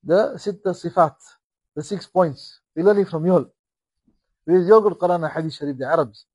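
Husky high-voiced man preaching. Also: a little fast, a little mellow, dry recording, low-quality recording. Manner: impassioned, rising and falling in volume, acting out dialogue. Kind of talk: sermon.

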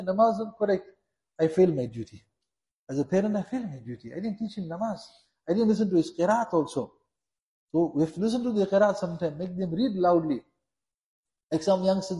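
This Islamic preacher speaks fairly quickly in a high-pitched, warm voice. His sermon is earnest and repetitive, exhorting listeners as he stresses each point, captured in an echoey room.

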